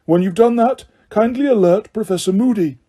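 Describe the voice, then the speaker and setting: A man voicing an elderly male wizard headmaster who gives calm, firm orders. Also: high-pitched, normal speed, voice pushed up.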